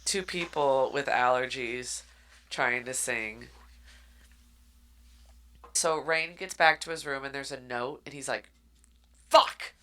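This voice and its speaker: A woman co-hosting a podcast, recapping a book in animated casual chat and acting out voices. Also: extremely low pitch, slow pace, long pauses. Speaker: podcast co-host.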